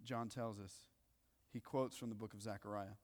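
A man's voice: lowish voice, normal speed. Male pastor preaching in a reverberant hall. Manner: animated, swings between loud excitement and hushed asides; conversational, joking. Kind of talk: sermon. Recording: long reverb of a large hall.

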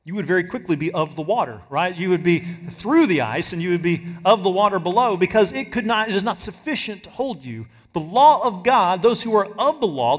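A man's voice: sits high, big-room sound. A man preaching a sermon as pastor, emphatic, stretching and stressing words for effect. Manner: emphatic, varies loudness and pace for stress.

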